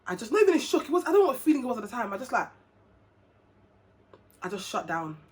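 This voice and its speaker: A woman's voice: on the high side, quick pace. A young woman tells a personal story straight to camera. She is chatty and slangy, and she laughs and acts out the voices of the people in it. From England. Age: young adult. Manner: animated, slangy, laughs often, acts out dialogue. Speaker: vlogger. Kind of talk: casual storytelling.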